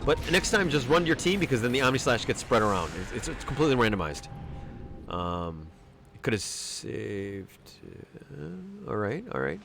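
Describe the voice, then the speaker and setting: Animated man coaching over a game replay. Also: medium pitch, moderate pace, vocal fry. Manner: animated, exclaims and repeats urgent commands. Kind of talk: replay analysis commentary. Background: music.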